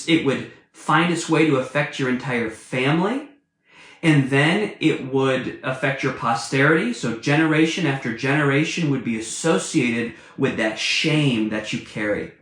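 A man's voice: on the high side, fairly bright tone. A man preaching a sermon, earnest and emphatic, repeating key phrases for stress. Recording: echoey room.

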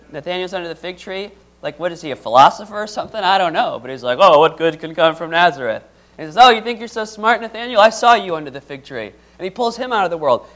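A man's voice: sits high, a bit bright. A man preaching a conversational sermon, reading scripture aloud and asking his listeners questions. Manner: conversational, asks the audience questions.

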